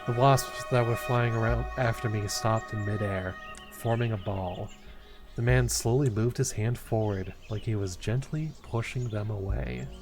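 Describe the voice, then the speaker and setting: Male streamer, reads the game's narration aloud, lowish voice, soft music under him. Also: fairly even intonation, measured pace. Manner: reads story text expressively, with stumbles and asides. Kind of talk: reading a narrative game aloud.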